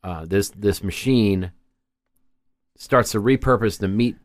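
A man co-hosting a casual movie discussion, trading sardonic, deadpan quips. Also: on the low side, slow, dry recording. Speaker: podcast co-host.

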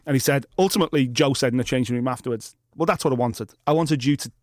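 A man's voice: mid-range voice, quick pace, darkish tone, no echo, clean studio sound. A man, co-hosting a boxing podcast in casual, blunt, opinionated chat with plenty of swearing.

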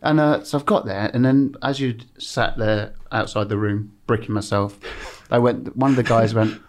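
A man's voice: medium pitch, fairly even intonation, moderate pace. English man telling laughing anecdotes. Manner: laughs through his stories, swears freely, acts out voices. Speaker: guest, former football TV presenter. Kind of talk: anecdotal storytelling. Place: podcast studio.

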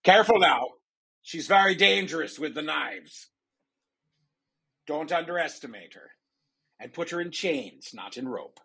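Tabletop role-play: man voicing a husky, sly pirate captain, pitched up, in salty sea-dog talk. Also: animated, measured pace, long pauses, a bit bright, heavily acted. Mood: warning. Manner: pirate dialect, drops verbs into "be" and "were". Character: weathered male pirate captain, sly and ruthless.

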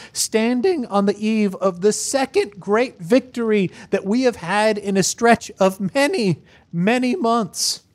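Very slow, solemn game master. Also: mid-range voice. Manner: measured, ceremonial. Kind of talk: slow, solemn in-world narration for a tabletop game.

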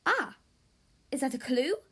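A woman voicing a calm, deliberate male detective in a storybook read-aloud, pitching her voice low and speaking slowly and thoughtfully. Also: breathy edge, heavily acted.

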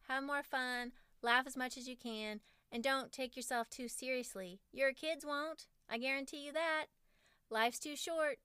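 A woman in her forties with a fairly high, smooth and resonant voice reads from her own parenting book on her podcast. Her delivery is wry and self-mocking. The sound is close and dry. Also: fairly bright tone, no echo. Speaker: podcast host and author.

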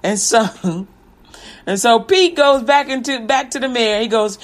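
A woman's voice: a little high, measured pace. Playful woman retelling a fairy tale. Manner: playful, laughing, casual slang.

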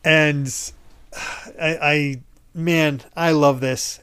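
Podcast host, male, a bit high, chatty, laughs a lot. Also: animated, moderate pace. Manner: laughs often, quotes characters animatedly. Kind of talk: casual chat about a comic.

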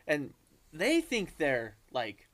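Profane animated man telling stories. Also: a little high, takes it slowly, crowd noise. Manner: profane, animated storyteller acting out quotes. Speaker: podcast co-host. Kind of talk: casual chat.

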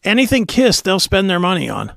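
A blunt, wisecracking man co-hosts a music podcast. His voice is high and gravelly, and his pitch moves in an animated way. The recording is dry. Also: brisk, no room sound. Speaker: podcast co-host. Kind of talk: casual chat.

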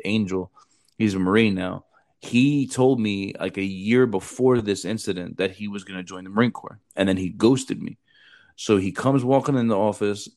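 A man in his thirties, a former Marine recruiter and podcast host, telling blunt, profane stories and saying bro a lot. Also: low-pitched. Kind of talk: casual storytelling chat.

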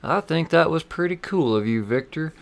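Man playing a female villain, Southern drawl, high put-on voice, flirty and brash. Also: expressive, normal speed, gravelly. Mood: teasing.

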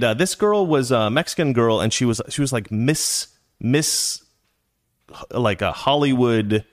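Animated, rambling male storyteller. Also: medium pitch. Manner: rambling, animated, with many restarts and asides. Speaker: vlog host telling a personal story. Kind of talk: casual storytelling.

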